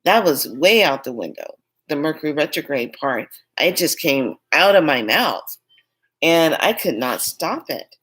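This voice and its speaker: A woman's voice: low voice, very animated, a little slow, fairly bright tone, breathy edge. A woman telling a personal story in a candid, rambling, emphatic way. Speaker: spiritual vlogger.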